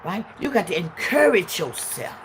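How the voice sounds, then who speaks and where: A woman's voice: lowish voice, very animated, normal speed, rough recording. Lady preaching on a phone live, emphatic, keeps saying right?, bit of background hiss. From Chicago. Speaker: livestream host. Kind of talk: motivational livestream talk.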